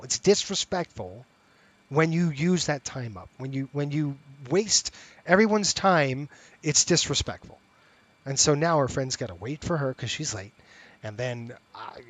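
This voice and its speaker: A middle-aged man with a slightly high voice chats casually to his viewers while streaming a flight sim. He talks straight to the audience in an easy, conversational way. The sound is close and dry, with no room echo. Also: a bit bright. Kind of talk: casual live-stream chat and commentary.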